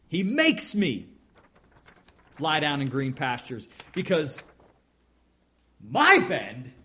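A man preaching a sermon in a folksy way, stretching out words and swinging between loud stresses and quiet asides. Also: high-pitched, breathy edge. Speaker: pastor.

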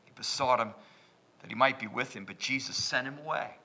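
A man preaching a sermon in a church, swinging from loud, emphatic bursts down to hushed whispers. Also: medium pitch, fairly quick, breathy edge.

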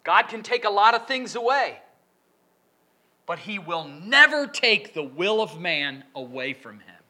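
A man delivers a sermon in a high, bright voice that swoops up and down as he pushes his points. He speaks slowly and deliberately, leaning hard on the lines he quotes and peppering the room with questions. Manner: questioning, lively emphatic delivery with drawn-out quotes. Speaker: preacher.

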